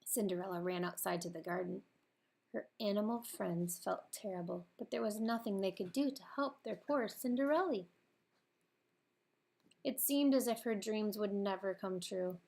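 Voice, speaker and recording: A woman narrating a children's storybook in a clear, expressive read-aloud manner. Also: medium pitch, moderate pace.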